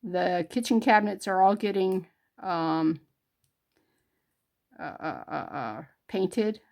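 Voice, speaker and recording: A woman's voice: lowish voice, slow, gravelly, a little mellow. A middle-aged woman from northern New York, hosting a jewelry crafting vlog in a homey, rambling way with many fillers. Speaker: jewelry crafting channel host.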